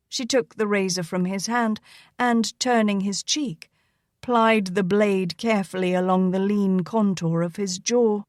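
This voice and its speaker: A woman reading a romance novel aloud as an audiobook narrator, in an even, measured way. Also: on the low side, dry recording, studio quality. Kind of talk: scripted narration.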